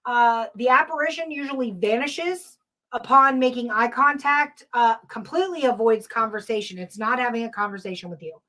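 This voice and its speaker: A woman's voice: fairly high pitch, moderate pace, pushed and bright. A woman hosting a live paranormal podcast, telling ghost stories in a rambling, casual way with lots of ums and uhs and reading viewer comments aloud. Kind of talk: casual live-show storytelling.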